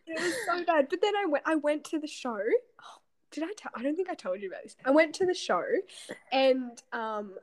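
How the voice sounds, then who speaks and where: A young woman with a high, light voice tells a story at length on a casual podcast. She mocks herself and giggles often while she talks. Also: lively intonation, normal speed. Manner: giggly, self-mocking storytelling. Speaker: podcast co-host. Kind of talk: casual chat between friends.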